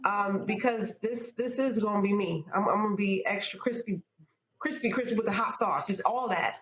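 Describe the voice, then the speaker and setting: A woman's voice: mid-range voice, moderate pace. Playful, emphatic woman in a roomy echo. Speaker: panelist and speaker. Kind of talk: casual panel chat.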